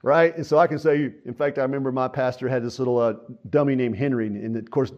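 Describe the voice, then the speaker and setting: A man's voice: mid-range voice, steady tone, quick pace, darkish tone. Earnest folksy man preaching a sermon. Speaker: pastor. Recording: dull lo-fi sound.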